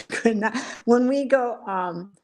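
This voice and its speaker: A woman's voice: fairly high pitch, slow pace, mellow. A woman from Chicago chatting casually on a live show, telling stories and laughing often. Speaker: live show chat participant. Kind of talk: casual chat.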